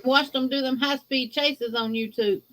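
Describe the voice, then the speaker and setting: A woman's voice: high voice, steady tone, normal speed, fairly bright tone, rough recording. A woman in a casual chat, explaining things at length in an emphatic, everyday way.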